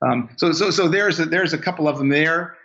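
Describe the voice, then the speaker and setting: A man's voice: fairly high pitch, brisk, fairly bright tone. Rambling man on dull, lo-fi audio. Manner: rambling, many fillers and restarts, salesy. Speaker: guest, inventor and business owner. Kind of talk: casual interview talk.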